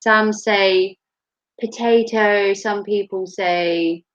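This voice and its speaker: A woman's voice: medium pitch, steady tone, extremely slow. A woman from Norfolk with a slight Norfolk accent, chatting casually as a vlogger, laughing and swearing freely. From Norfolk, England. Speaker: vlogger, mother. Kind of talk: casual chat. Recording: dull lo-fi home recording.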